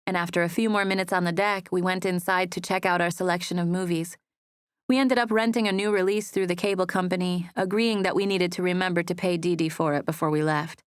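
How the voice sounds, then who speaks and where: Soft-spoken woman reading a romance audiobook. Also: fairly low pitch, clean tone, dry recording. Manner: soft, intimate storytelling. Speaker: audiobook narrator. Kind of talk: first-person romance audiobook narration. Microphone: close studio mic.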